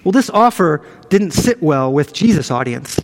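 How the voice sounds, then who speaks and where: A man's voice: fairly high pitch, lively intonation, normal speed, big-room sound. A man preaching a sermon as a pastor, earnest and conversational, often restarting his words.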